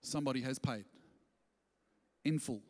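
A man preaching a sermon as pastor, animated and acting out quoted voices as he speaks. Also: mid-range voice, normal speed. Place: church auditorium. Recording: long church reverb.

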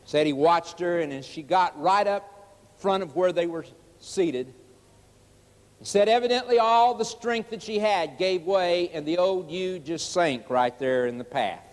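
A man with a high, unhurried voice preaches an evangelistic sermon, telling a story with earnest emphasis before leading an audience in prayer. He is in a church hall with listeners, and the large hall gives the recording a long reverb.

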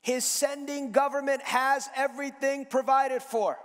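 Man, guest preacher, sermon, very high voice, long church reverb, repeats phrases for emphasis. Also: steady tone. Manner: builds from low, slow statements to loud, high-pitched emphatic repetition; repeats words and restarts while building a point. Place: church sanctuary.

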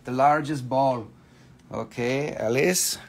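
A US East Coast man sells mineral specimens on a livestream, joking around with viewers and swearing freely in casual live-sale chatter. He speaks slowly in a mid-range voice.

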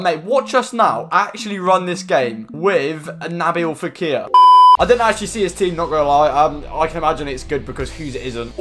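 A young man giving casual, slangy commentary over a video game and breaking into loud, excited outbursts. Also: fairly high pitch. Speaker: gaming YouTuber.

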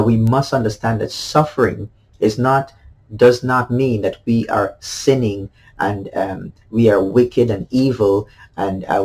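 A man's voice: fairly low pitch, darkish tone, husky, low-quality recording. A man, a pastor, giving a daily devotional sermon in an earnest way, repeating key phrases with many fillers.

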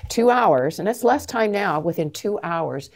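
A woman's voice: medium pitch, expressive, measured pace. A middle-aged woman from Canada, an advocate answering interview questions with earnest, emphatic storytelling. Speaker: anti-trafficking advocate, guest.

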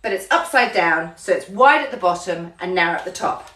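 A woman's voice: on the low side, lively intonation, fairly quick, a bit bright, a little hiss or hum. A woman telling a story to her camera in a chatty, casual way, often repeating words and describing things with gestures. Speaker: vlogger.

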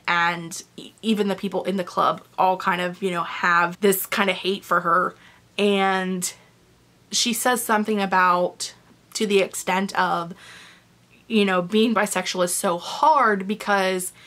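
A woman's voice: mid-range voice, a bit bright. Chatty young woman reviewing books. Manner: chatty and candid, swears casually, emotional. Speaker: book reviewer. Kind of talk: casual book review vlog.

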